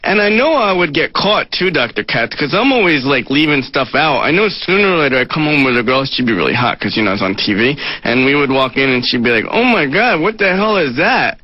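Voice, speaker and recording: A man's voice: mid-range voice, expressive, quick pace, few pauses, no room sound. A man doing self-mocking stand-up addressed to his therapist, on dry, dull lo-fi TV audio. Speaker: stand-up comedian. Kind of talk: stand-up monologue.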